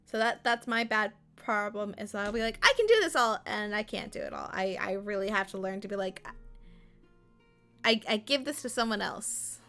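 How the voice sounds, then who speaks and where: A woman's voice: mid-range voice, fairly even intonation, moderate pace, bright, forceful tone, faint music behind. A woman streamer chatting casually while playing a game, rambling and acting out her own and others' lines.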